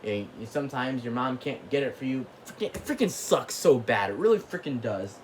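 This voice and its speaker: A man's voice: mid-range voice, expressive, a little fast, slight background noise. A man hosting his own channel, ranting casually in a rambling way, full of filler words and mild cursing. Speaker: channel host.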